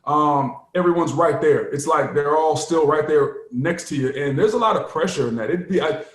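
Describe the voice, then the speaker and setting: Casual male podcast co-host, fairly high voice, expressive storyteller in a roomy, echoing space. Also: normal speed. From United States. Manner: animated storyteller, laughs often. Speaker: podcast co-host, former player. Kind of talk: casual chat.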